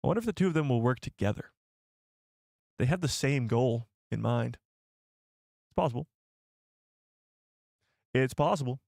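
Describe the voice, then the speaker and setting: A young man hosting a live stream in a loose, jokey way, thinking aloud and reading out comments from his chat. His voice sits at an ordinary middle pitch. It is recorded dry and close, with almost no room sound. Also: animated, normal speed, creaky, long pauses, a little mellow, dry recording.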